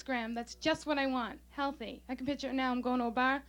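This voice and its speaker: A high-voiced young woman doing stand-up on a small club stage. She sounds bubbly and giddy, rushing through her jokes with breathless excitement. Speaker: stand-up comic. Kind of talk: stand-up comedy set. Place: small comedy club stage, audience laughing.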